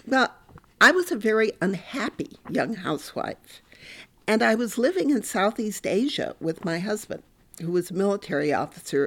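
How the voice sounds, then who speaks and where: An older woman, a professor, telling her own story candidly and with animation as a podcast interview guest. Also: mid-range voice.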